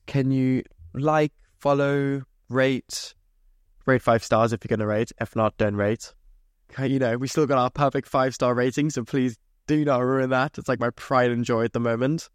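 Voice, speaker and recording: A man's voice: mid-range voice, no echo, clean studio sound. A young man hosting a podcast, ranting in a sweary, mock-indignant way. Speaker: podcast host. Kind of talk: solo podcast rant.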